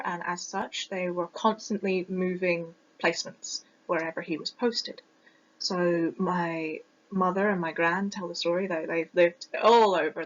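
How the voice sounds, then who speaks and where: A woman's voice: lowish voice, a bit bright. A woman with a British received pronunciation accent, giving a reflective personal presentation with frequent ums and restarts. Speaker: student presenter. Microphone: close mic that sometimes distorts. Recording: dull lo-fi home recording.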